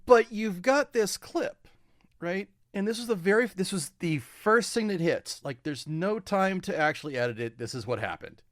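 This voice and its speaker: A man co-hosting a podcast in casual political chat, halting and restarting often as he swears his way through his points. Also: high-pitched, expressive, dry recording, studio quality. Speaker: podcast co-host.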